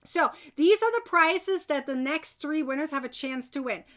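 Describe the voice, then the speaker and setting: A woman hosting a live crochet giveaway stream, chatting to viewers and cheering on winners. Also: sits high. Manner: bubbly, cheering, quick bursts of excitement. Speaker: crochet channel host running a giveaway.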